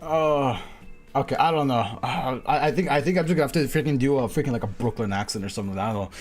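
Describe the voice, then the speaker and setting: A man's voice: mid-range voice, fast talker. Joking young man streaming over music. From Mexico. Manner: joking, self-mocking, laughs often. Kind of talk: casual stream chat. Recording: music playing behind.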